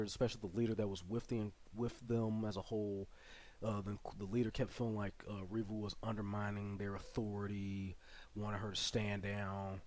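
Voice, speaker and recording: A man reviewing a series on his channel casually recaps the show's plot, rambling with plenty of fillers and asides. His voice is lowish and a little mellow.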